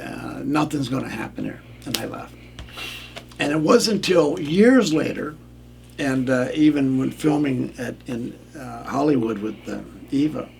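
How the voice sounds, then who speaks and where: A man's voice: on the high side, creaky, slight background noise. An older man, a former referee, telling a candid story on a radio show in a plainspoken way and acting out what others said. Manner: plainspoken, acts out quoted lines.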